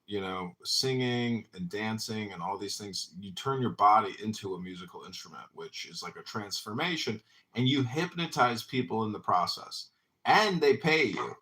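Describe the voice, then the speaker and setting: Bright-voiced man rambling on a podcast. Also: fairly low pitch, expressive, moderate pace. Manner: rambling, boastful, laughing often. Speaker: podcast host. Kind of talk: casual group chat on an audio space.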